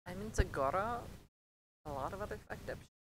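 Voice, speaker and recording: Lively, foul-mouthed young woman storyteller. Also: a little fast, rough recording. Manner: rambling, heavy swearing, acts out quotes. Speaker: streamer telling a story. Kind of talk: casual storytelling vlog. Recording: clear low rumbling noise behind.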